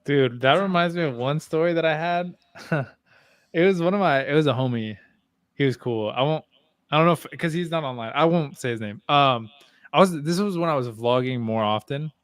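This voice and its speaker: A man's voice: fairly high pitch, moderate pace, smooth, dry recording. A young man co-hosting a podcast, telling a story in a casual, laid-back way, swearing freely and laughing along. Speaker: podcast co-host.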